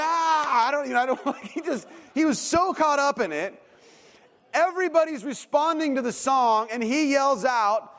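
A man in his thirties preaching a sermon as a pastor, telling stories in a conversational, self-deprecating way. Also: high voice. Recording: long hall reverb.

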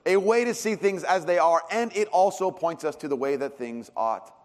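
Pastor, male, fairly high voice, animated storyteller, captured in a reverberant church hall. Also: moderate pace. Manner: animated storytelling with big swings in pitch and loudness. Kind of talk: sermon. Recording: long reverb of a large hall.

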